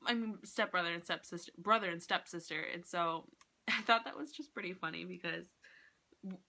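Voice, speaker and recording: Woman vlogger, lowish pitch and a sharp, bright tone; chatty, animated book recap. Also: normal speed, vocal fry. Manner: animated retelling, acts out quotes, many "like"s. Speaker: book reviewer. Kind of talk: casual vlog book review.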